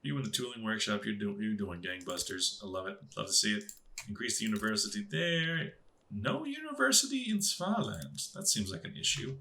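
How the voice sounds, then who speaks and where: Bright-voiced man musing over a strategy game. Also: fairly low pitch, big pitch swings, a little fast, a little hiss or hum. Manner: musing aloud to himself, puzzled asides. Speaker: gaming channel host. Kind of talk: casual strategy game commentary.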